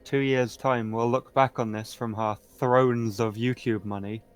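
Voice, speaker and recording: A man of average pitch talking with a friend over voice chat during a game. He jokes freely and mocks himself while guiding the other player along. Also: fairly even intonation, a little slow, smooth. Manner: joking, self-mocking. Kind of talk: casual chat while playing.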